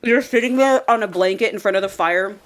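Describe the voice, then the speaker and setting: A woman co-hosting a podcast, recapping a novel in casual chat with giggly, animated storytelling. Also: mid-range voice, fairly quick.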